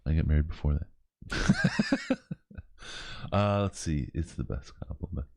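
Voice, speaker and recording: Very deep-voiced man hosting a podcast. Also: huge pitch swings, a little slow, creaky, dry recording, clean studio sound. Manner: laughs often, tired and joking. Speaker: podcast host. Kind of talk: casual podcast chat reading live comments.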